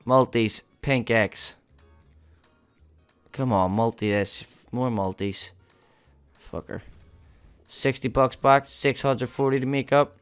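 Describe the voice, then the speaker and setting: A man doing live commentary on his slot play as a streamer, excitable and swearing often, talking to his viewers as "boys". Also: mid-range voice, takes it slowly, pauses often, clear, resonant tone, soft background music. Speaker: gambling streamer.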